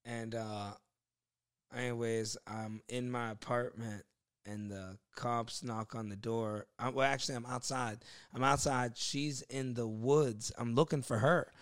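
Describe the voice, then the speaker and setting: A man's voice: medium pitch, fairly even intonation, unhurried, clear, resonant tone. A man in his twenties, a comedian, telling rambling stories in casual chat and laughing often. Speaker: stand-up comedian.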